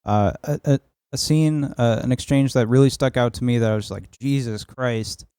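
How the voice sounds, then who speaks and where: A man with a warm, mellow voice walks through film scenes in a rambling, casual style as a podcast co-host, swearing now and then. The recording is dry and close. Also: medium pitch, brisk, smooth, no echo. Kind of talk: casual film review chat.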